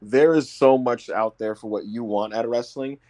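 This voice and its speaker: A man hosting a loose livestream chat about wrestling, laughing between thoughts and tripping over his starts. His voice sits in an ordinary middle pitch. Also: steady tone, moderate pace, a little mellow. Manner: laughing, stammering, acts out announcer voices. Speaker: podcast host.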